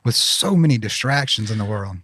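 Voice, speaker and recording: Male podcast host, relaxed interviewer, dry close mic. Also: on the low side, fairly quick, husky, no room sound. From Birmingham, Alabama, US. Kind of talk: casual interview chat.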